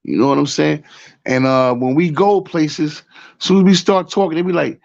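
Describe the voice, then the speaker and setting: A man's voice: fairly high pitch, steady tone, moderate pace, vocal fry, a little mellow, dull audio. A man with a New York accent telling a rambling story in casual talk, often repeating "you know what I'm saying.". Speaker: show host.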